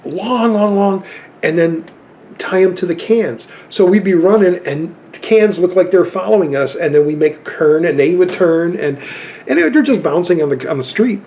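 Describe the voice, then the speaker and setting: A man's voice: high-pitched, lively intonation, moderate pace, a little mellow, a little hiss or hum. Rambling man in his fifties. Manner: rambling, anecdotal storytelling. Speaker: film collector vlogger. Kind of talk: casual chat.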